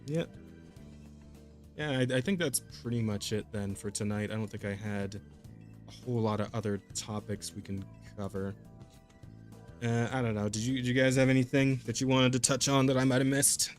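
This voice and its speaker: A man's voice: mid-range voice, steady tone, normal speed, faint music behind. A man hosting a podcast in casual chat, laid-back, laughing often and repeating words. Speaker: podcast host.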